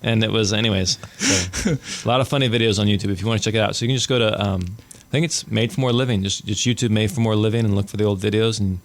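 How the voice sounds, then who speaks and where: A man hosting a podcast in relaxed, casual chat, joking and laughing often. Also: fairly low pitch, fast, hardly any pauses. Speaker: podcast host.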